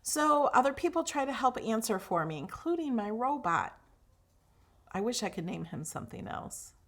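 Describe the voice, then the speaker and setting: A young woman with a fairly high voice hosts a craft livestream. She chats casually with her viewers and gushes over her work, restarting sentences and filling pauses with "um". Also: very animated, a bit bright. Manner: chatty and gushing, with fillers and restarts.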